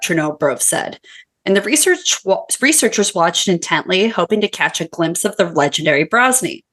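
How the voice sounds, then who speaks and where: A woman with a fairly low voice co-hosts a podcast. She mixes profane, laughing banter with stretches where she reads her research notes aloud. It is a relaxed, casual chat. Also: moderate pace. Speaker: podcast co-host.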